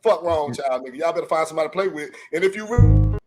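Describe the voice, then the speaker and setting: A man's voice: fairly high pitch, animated, racing, over music. A man on a live-stream call, talking trash in a brash, cursing, hyped way. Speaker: show regular. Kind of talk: casual chat on a live stream.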